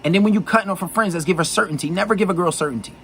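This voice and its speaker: A man's voice: high voice, very fast, a bit bright, a little hiss or hum, low-quality recording. A man giving blunt dating advice in a profane, insistent monologue full of repetition.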